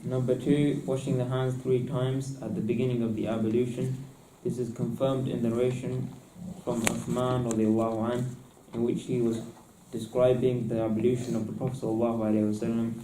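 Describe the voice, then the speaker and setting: A man reading numbered points aloud from a textbook, steady and unhurried. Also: medium pitch, reverberant, recorded from a distance, a little hiss or hum, low-quality recording.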